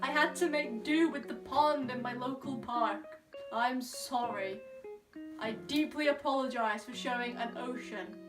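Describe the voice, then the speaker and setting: A woman's voice: high voice, moderate pace, recorded from a distance. A young woman from Scotland reading comments aloud in a casual vlog, answering each with sassy, playful retorts. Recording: from the mic, music behind. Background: background music.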